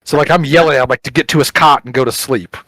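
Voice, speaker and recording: A man's voice: medium pitch, fast, no echo, poor audio. Casual man telling a rowdy story. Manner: animated, acts out quotes, swears casually. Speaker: podcast co-host.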